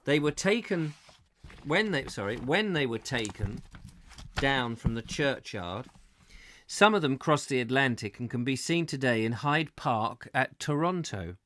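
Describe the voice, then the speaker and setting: A man's voice: medium pitch, animated, measured pace, fairly bright tone. A man reading an old travel book aloud on a live stream, with chatty asides and corrections.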